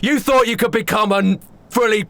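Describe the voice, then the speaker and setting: A man voicing a furious, wrinkled master chef with a put-on British accent, shouting and swearing at everyone. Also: a little high, expressive, moderate pace, no echo, voice pushed up. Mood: raging.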